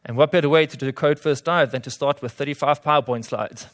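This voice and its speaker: A man's voice: mid-range voice, fast talker. A man with a South African accent giving a conference talk to a room of developers, with dry, self-deprecating jokes. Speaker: conference speaker.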